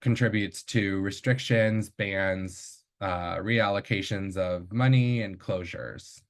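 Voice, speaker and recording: A man with a fairly low voice gives a research presentation to colleagues. He speaks in a measured, unscripted way, pausing on fillers and correcting himself as he goes. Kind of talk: academic presentation.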